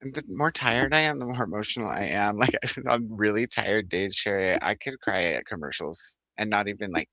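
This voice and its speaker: A man's voice: on the low side, a little fast, few pauses, bright, forceful tone, no room sound. A man hosting a book club livestream, chatting casually, rambling, laughing often and reading out viewer comments.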